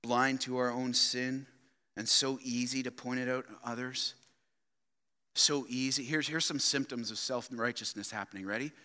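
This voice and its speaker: A man preaching a sermon, swinging between loud emphatic outbursts and quiet, low asides, often asking his listeners rhetorical questions. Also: fairly even intonation, normal speed, long reverb tail. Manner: addresses listeners as "loved ones" and asks rhetorical questions. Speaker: pastor. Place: church sanctuary.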